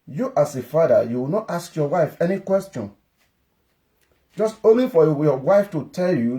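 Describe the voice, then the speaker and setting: A man's voice: a little high, lively intonation, normal speed, dark tone. A man giving an earnest, lecturing parenting-advice monologue that often repeats its points.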